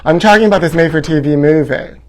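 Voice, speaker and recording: A man's voice: on the high side, quick pace. A man hosting a live gossip stream from home in a campy, theatrical way, reading viewer comments aloud and calling everyone honey. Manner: reads fan comments aloud. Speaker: host.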